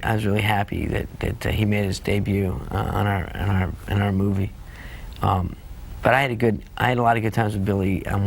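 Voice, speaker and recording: A man, an actor, reminiscing fondly in a making-of interview, halting and restarting often. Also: lowish voice, gravelly, a little hiss or hum. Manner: halting, fond, full of restarts.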